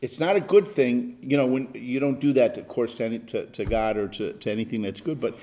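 A male pastor teaching an interactive Bible study, emphatic and animated, at times bursting into loud exclamations. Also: mid-range voice, brisk.

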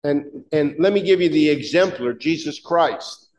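A man's voice: on the high side, unhurried, a little mellow, a little hiss or hum. A man preaching a sermon in an emphatic, conversational way, asking his listeners pointed rhetorical questions.

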